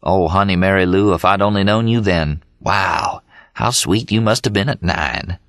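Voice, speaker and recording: A man narrating an audiobook voicing Dean, a manic, excited young man who boasts and yells. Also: low-pitched, dry recording, studio quality. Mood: boastful. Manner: exuberant yelling, rapid storytelling.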